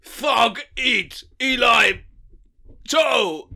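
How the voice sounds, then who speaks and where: A man's voice: extremely high pitch, lively intonation, very slow, vocal fry, pushed and bright, raised voice, voice pushed up, exaggerated voice. A man voicing a grunting, dim-witted male caveman in broken speech for a comedy podcast bit. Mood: shouting.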